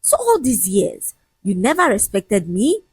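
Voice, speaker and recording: A woman's voice: huge pitch swings, a little slow, slightly rough, no echo, exaggerated voice. A woman voicing a distraught young woman pleading with her fiancé in a storybook tale. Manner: pleading, high-pitched exclamations.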